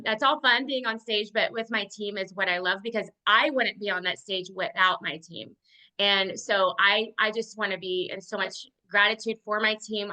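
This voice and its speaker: Bright, earnest woman on a video call. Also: medium pitch, poor audio. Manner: earnest, says "like" a lot. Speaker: team leader. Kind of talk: motivational testimonial on a video call.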